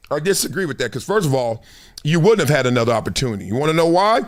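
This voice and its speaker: Hosting a spirited sports talk stream, a middle-aged man from Compton, Los Angeles acts out quotes in different voices and laughs a lot. His voice sits high.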